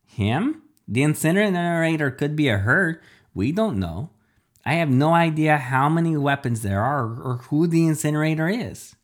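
A man's voice: a little high, expressive, normal speed, voice pushed up, natural voice. A man doing a stammering nervous scientist dad. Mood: earnest. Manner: stuttering, hesitant and nervous.

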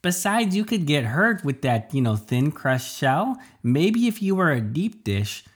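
A man's voice: a little high, big pitch swings, measured pace, breathy edge, pitched above the performer's own voice, exaggerated voice. A man voicing a worried, overprotective father who fusses and stammers. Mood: warning. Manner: fussy, stammering.

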